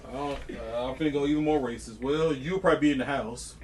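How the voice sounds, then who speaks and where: A man co-hosting a casual podcast chat, slangy and quick to laugh. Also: medium pitch, distant mic. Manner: laughs often, slangy and joking. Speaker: podcast co-host.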